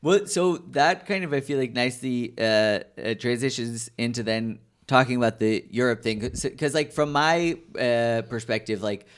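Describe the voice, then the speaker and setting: A man hosting a casual podcast, asking questions in a halting way with many restarts. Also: mid-range voice, clean tone. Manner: hesitant, many fillers and restarts. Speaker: podcast host.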